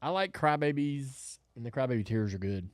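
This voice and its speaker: A man, co-hosting a podcast and telling a story in an animated, laughing way. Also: mid-range voice, normal speed. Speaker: podcast co-host. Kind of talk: casual storytelling chat.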